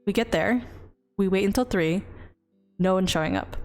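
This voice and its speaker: A woman's voice: medium pitch, normal speed. Woman rambling through a story on stream. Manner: rambling, lively, with many restarts and casual swearing. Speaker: VTuber streamer. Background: faint background music.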